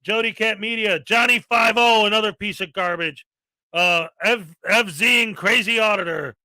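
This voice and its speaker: Male co-host, high and piercingly bright, ranting list-reader, dry close sound. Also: moderate pace, dry recording, low-quality recording. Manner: ranting, reels off long lists. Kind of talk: casual live-stream chat.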